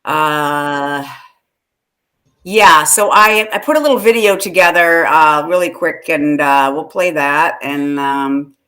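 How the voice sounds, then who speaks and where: A woman's voice: deep voice, slow pace, sharp tone. A woman co-hosting a casual live-stream chat, chatty and laughing, greeting viewers by name. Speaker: podcast co-host.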